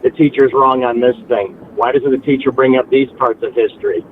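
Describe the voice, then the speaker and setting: A man calling in to a talk show, telling a story with animated asides and mimicking relatives. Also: mid-range voice, a little fast. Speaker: caller. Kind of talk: casual phone-in chat. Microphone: phone. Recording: tinny phone line with faint hiss.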